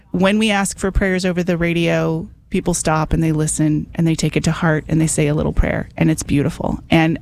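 A woman hosting a radio show, talking quickly and enthusiastically as she urges listeners to call in. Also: low-pitched, a little mellow. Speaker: radio host. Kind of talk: fundraising radio talk.

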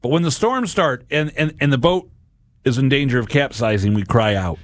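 A man in his forties giving an earnest devotional talk about scripture, often pausing and restarting his sentences. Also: medium pitch, animated, no room sound. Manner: earnest, halting, with many restarts. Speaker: Catholic speaker.

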